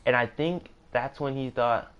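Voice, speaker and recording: A man's voice: medium pitch, measured pace, fairly bright tone, muffled recording, a little hiss or hum. A young man casually narrating a storytime, rambling with self-corrections and joking asides. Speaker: gaming streamer.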